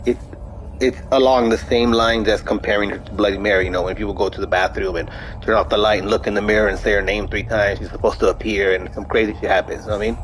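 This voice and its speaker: A man's voice: lowish voice, steady tone, fast, fairly bright tone, slight background noise, rough recording. Rambling, profane young male gamer. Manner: rambling, profane storytelling with many restarts. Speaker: gaming streamer. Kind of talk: casual chat over gameplay.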